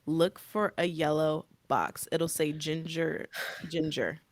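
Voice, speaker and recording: A woman's voice: low voice, fairly even intonation, takes it slowly, dry recording. A woman co-hosting a book podcast, chatting enthusiastically and animatedly with friends. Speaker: podcast co-host. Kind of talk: casual chat.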